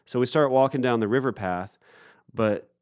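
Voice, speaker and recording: A man from Appalachia, a musician telling a story in a casual interview, relaxed and full of fillers. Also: mid-range voice, normal speed, clean tone, no room sound, clean studio sound. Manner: relaxed anecdotal, with fillers and acted-out quotes. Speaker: musician guest. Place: festival recording booth.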